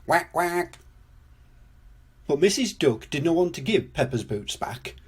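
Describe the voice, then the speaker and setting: An older man reading a children's storybook aloud, gently and expressively, as storyteller. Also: on the high side, sing-song, moderate pace, breathy edge.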